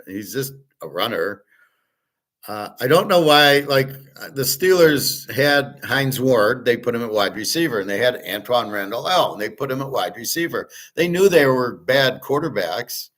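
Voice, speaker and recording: A man's voice: mid-range voice, a bit bright, poor audio. A middle-aged man hosting, talking in a blunt, opinionated, rambling way and swearing at times. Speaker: host. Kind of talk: casual rambling monologue.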